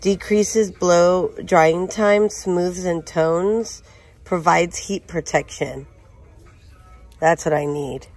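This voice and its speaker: A woman's voice: on the low side, fairly even intonation, very slow, darkish tone, soft background music. A woman narrating a casual shopping walkthrough, chatting as she reads out prices and product labels. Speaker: shopping vlogger. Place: inside a large retail store.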